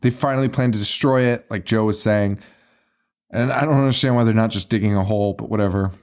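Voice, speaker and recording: A man's voice: lowish voice, quick pace, darkish tone, smooth. A man co-hosting a podcast, casually recapping a movie with lots of laughter, swearing and mock quotes. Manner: laughing, profane, retelling scenes with mock quotes. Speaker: podcast co-host.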